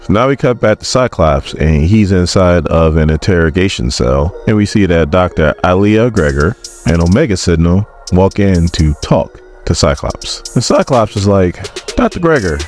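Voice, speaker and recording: A sarcastic man recapping comics in a casual, mocking tone. His voice is deep and swings widely in pitch, with faint music playing underneath. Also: expressive, normal speed, darkish tone. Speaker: comic book recap host.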